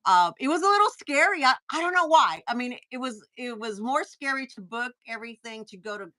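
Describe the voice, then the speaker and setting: A woman's voice: on the high side, animated, fairly quick, sharp tone. A woman with a Texan accent hosting a casual live-stream chat, talking in chatty bursts with frequent restarts and reading viewer comments aloud. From Texas. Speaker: host.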